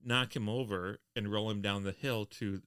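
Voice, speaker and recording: A man in his fifties co-hosting a podcast, teasing his co-host in a dry, deadpan way. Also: on the low side, moderate pace, clear, resonant tone. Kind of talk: casual comedic chat.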